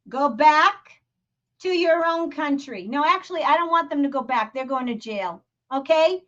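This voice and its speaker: Her pitch sits high and her delivery is animated, at an ordinary pace with a fairly bright tone, though the recording's highs are cut off. She's a Boston-accented livestream host whose commentary comes as laughing, profane, heated rants.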